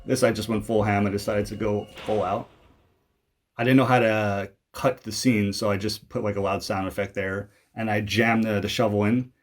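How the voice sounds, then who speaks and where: A man's voice: lowish voice, little pitch movement, normal speed. A young man from Canada giving casual commentary over his own old video, rambling and poking fun at himself, with many fillers and restarts.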